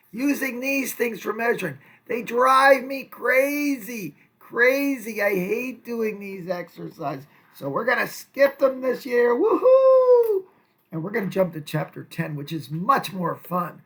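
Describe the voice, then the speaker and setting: A man's voice: high-pitched, creaky, fairly bright tone. A man teaching a recorded math lesson to second graders, chatty and playful, with jokey asides.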